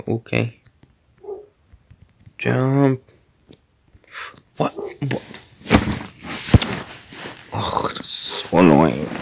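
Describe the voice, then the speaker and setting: While playing an obstacle-course game, a man gives casual commentary in a gravelly, mid-range voice. He mutters to himself, sometimes dropping to a whisper and sometimes exclaiming at setbacks.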